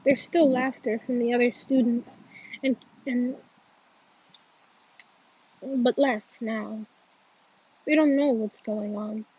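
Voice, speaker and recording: A woman's voice: on the high side, steady tone, takes it slowly, long pauses, dark tone, breathy edge. A woman reading a first-person novel aloud in an earnest, emotional way, often restarting her words, on a dull lo-fi recording. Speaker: audiobook reader.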